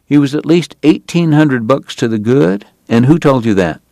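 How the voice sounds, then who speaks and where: A man voicing a stubborn, plainspoken grown man who talks bluntly and deliberately. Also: medium pitch, expressive, vocal fry, darkish tone, no room sound, voice pushed up. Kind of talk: audiobook character voice.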